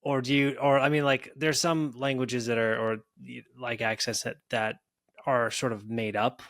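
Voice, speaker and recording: A man's voice: mid-range voice, flat delivery, moderate pace, fairly bright tone, no room sound, clean studio sound. A man hosting a podcast who asks long, rambling questions full of restarts and fillers. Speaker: podcast host. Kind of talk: casual interview chat.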